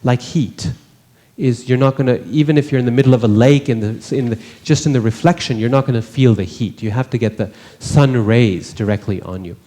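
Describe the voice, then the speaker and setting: A man's voice: mid-range voice, a little fast, mellow, long reverb tail. A man teaching a scripture class in a conversational way, often putting rhetorical questions to the listeners. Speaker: religious teacher. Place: temple hall.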